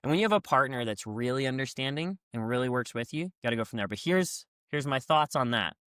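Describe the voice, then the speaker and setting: A man speaking as a guest coach on a podcast, telling stories in a lively way and acting out quoted lines with a raised voice. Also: mid-range voice, quick pace, smooth, no echo, studio quality. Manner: lively storyteller who acts out quotes with raised voice. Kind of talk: conversational podcast storytelling.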